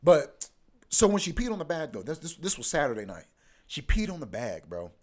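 A man's voice: on the high side, wildly swooping pitch, fairly quick. A young man hosting a podcast in a casual, profane, ranting monologue that keeps coming back to "bro.". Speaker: podcast host.

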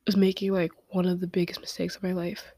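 A young woman hosting a podcast, talking through tears in a halting confessional monologue and often dropping to a whisper. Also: fairly low pitch, monotone, dark tone, dry recording, clean studio sound. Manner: tearful, halting, many fillers, often drops to a whisper. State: crying. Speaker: podcast host.

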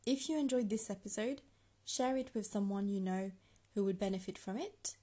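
A woman teaching a language lesson on a podcast, patient and slow, breaking phrases down for the listener to repeat. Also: medium pitch, warm tone.

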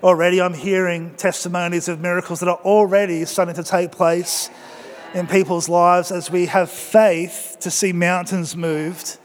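A man preaches to his congregation with energy and humor, his voice high and lively. It rings through a church with a long reverb. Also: moderate pace. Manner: energetic, joking, exhorting the congregation. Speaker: pastor. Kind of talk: sermon.

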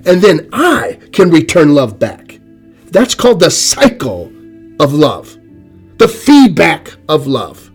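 A man preaching a sermon, emphatic and repetitive, swinging from loud rises to soft drops. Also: fairly high pitch, wildly swooping pitch, slow, breathy edge, faint music behind.

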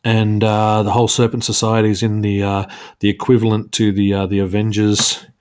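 A man's voice: lowish voice, completely flat delivery, fairly quick, a little mellow, clear, resonant tone. A man hosting a solo podcast, chatting casually about a comic book with lots of fillers and restarts. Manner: rambling, many fillers and restarts. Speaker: podcast host.

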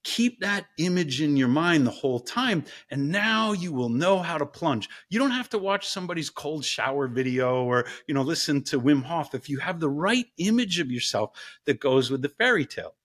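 A man, a professor, tells stories in an interview as an animated and playful guest. His voice sits on the higher side and moves up and down a great deal. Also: moderate pace.

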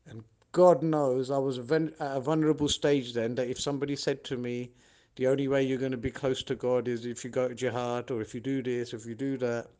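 A man, telling stories from his own past in casual talk and acting out what other people said. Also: mid-range voice. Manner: animated, acts out other people's lines. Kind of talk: casual storytelling monologue.

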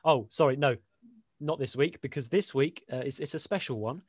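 A man's voice: mid-range voice, moderate pace, a little mellow, slightly rough, dry recording, studio quality. A young man co-hosting a casual podcast, reading funny sporting quotes aloud and laughing often. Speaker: podcast co-host.

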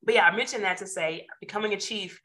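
A woman's voice: medium pitch, fast talker. A woman in her thirties, a physician guest on a podcast, chatting casually and telling stories with voices for the people in them. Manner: animated storyteller who acts out quoted voices.

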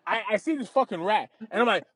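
Husky, animated storytelling man. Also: high voice, fast talker, no room sound. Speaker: storyteller in a podcast chat. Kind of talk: casual chat.

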